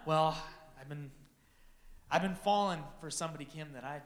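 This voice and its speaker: A man telling a comic personal story to an audience, animated and self-deprecating, acting out the dialogue. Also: a little high, normal speed, roomy sound. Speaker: speaker addressing an audience.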